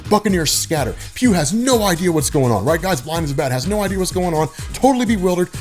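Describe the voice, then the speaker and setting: A young man retelling a story in a casual, animated, slangy way with lots of fillers. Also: on the high side. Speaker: vlogger.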